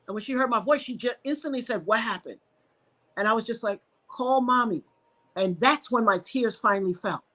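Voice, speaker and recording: Speaking quickly with few pauses, a New York woman on a podcast recounts an emotional personal story. She's animated, reenacting the dialogue of the people in it with sharp jumps in pitch.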